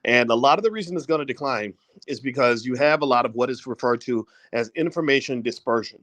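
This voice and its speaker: A man giving a casual, animated talk on finance straight to his viewers at a desk mic, with folksy asides. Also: medium pitch, fast, no echo. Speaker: finance commentator. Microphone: desk microphone.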